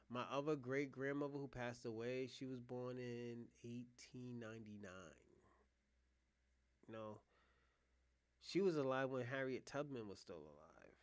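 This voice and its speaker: A man's voice: medium pitch, no echo. A man from the United States hosting a livestream, reacting to clips in a rambling, profane, casual way and talking straight to his viewers. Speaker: livestream host.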